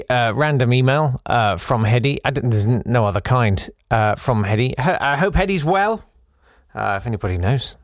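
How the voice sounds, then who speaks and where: A man's voice: medium pitch, no echo, clean studio sound. Self-deprecating man hosting a podcast. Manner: rambling, self-deprecating, chuckling asides. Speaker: podcast host. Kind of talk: casual chat reading listener messages.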